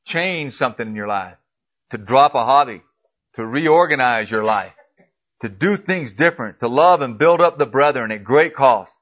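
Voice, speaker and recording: A man preaching a sermon, pressing his listeners with repeated emphatic questions and swinging from quiet, low asides to loud, rising appeals. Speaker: pastor. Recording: dull lo-fi recording.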